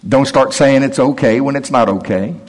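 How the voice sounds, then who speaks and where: A male preacher giving a sermon, talking in a conversational, emphatic way and dropping his voice low when he quotes. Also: normal speed, a little mellow.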